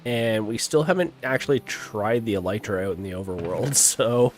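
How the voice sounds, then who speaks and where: A man's voice: on the low side, normal speed, slight background noise. A young man with a stuffy nose, chatting casually as a gaming livestream host. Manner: relaxed and rambling, chuckles often.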